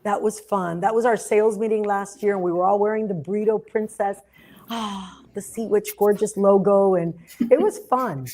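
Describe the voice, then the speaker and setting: A woman's voice: medium pitch, moderate pace, warm tone. Dramatic, effusive woman in her sixties. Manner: dramatic and effusive, talks a lot. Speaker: host, cruise sales leader. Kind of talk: webinar chat. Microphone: video call.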